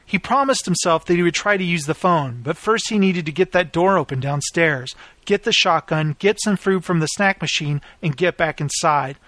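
A man reading his own story aloud as its narrator, in a steady, plain storytelling manner. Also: a little high, dry recording. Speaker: author and narrator. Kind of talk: scripted audiobook narration.

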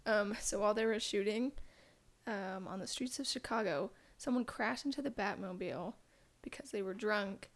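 Creaky-voiced chatty woman. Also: mid-range voice, normal speed. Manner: chatty, full of fillers, sharing trivia. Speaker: podcast co-host. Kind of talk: casual chat.

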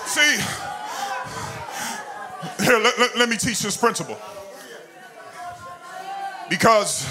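A man's voice: high-pitched, lively intonation, takes it slowly, long pauses, bright, forceful tone, some chatter behind. A man preaching a sermon in a church, calling out to the congregation and building into sung, whooping phrases. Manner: call-and-response preaching, rising into sung whoops. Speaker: pastor. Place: church sanctuary with organ music behind. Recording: music playing under the voice.

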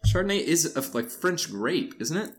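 A man's voice: on the high side, very animated, moderate pace, slight background noise. A man co-hosting a podcast, teasing his partner in a dry, mock-confident casual chat. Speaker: podcast co-host.

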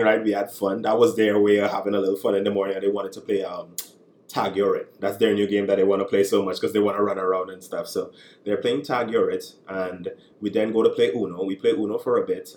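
Man, very deep voice, podcast co-host, rambling casual talk, says "right?" a lot, echoey room, faint ambient hiss. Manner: relaxed and rambling, often ends lines with "right?". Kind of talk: casual chat. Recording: roomy echo, faint ambient noise.

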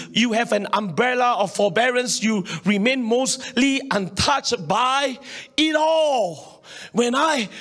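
A man with a Singaporean English accent preaching a sermon as pastor, animated and colloquial, calling on the congregation to respond. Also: very high voice.

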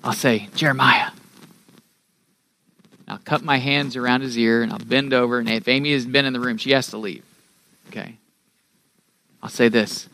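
A middle-aged man preaching a sermon as pastor, earnest, rising in pitch and force on key phrases and dropping to a soft near-whisper. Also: steady tone, moderate pace, gravelly, long pauses, a little hiss or hum.

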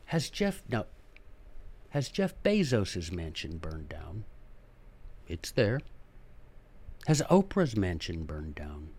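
A man's voice: on the low side, sing-song, a little slow, pauses often, a little mellow, slightly rough. A man hosting a podcast, telling a history story in a casual, chatty way with joking asides and acted-out characters. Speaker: podcast host.

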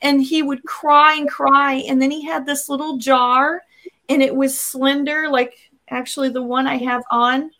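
A woman's voice: high-pitched, flat delivery, measured pace, pushed and bright. An adult woman sharing a personal faith testimony in an interview, earnest and vivid, acting out her own past words as she goes. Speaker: interview guest.

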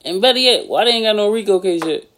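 A man in casual podcast chat, slangy and given to sudden loud animated outbursts. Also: sits high, fast talker. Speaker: podcast co-host.

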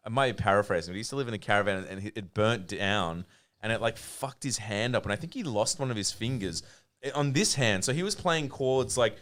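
A man co-hosting a podcast in loose, jokey banter. His pitch swings widely as he talks, and he swears freely. His delivery stays animated throughout. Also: brisk. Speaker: podcast co-host. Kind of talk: casual banter.

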